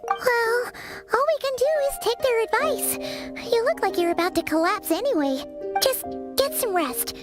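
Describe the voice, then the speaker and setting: A woman's voice: very high-pitched, lively intonation, moderate pace. A woman voicing a small chirpy female fairy companion in a video game, chatty and caring. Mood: concerned. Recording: game audio with music underneath.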